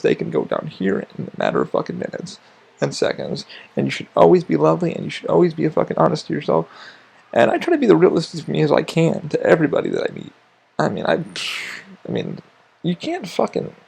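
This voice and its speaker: A podcast host rambles through a casual monologue at a rapid clip. His voice is heavily gravelly with a husky, raspy edge. He swears freely and keeps restarting his sentences. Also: a little high, darkish tone.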